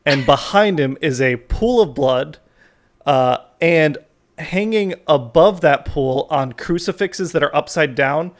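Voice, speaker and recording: A man narrating a tabletop game as game master, casual and halting with many fillers. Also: fairly high pitch, animated.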